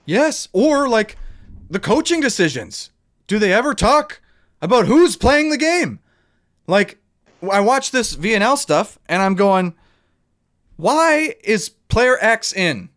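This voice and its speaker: A man's voice: high voice, measured pace. A man hosting a casual podcast chat, talking emphatically with many restarts. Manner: animated, emphatic, rambling with restarts.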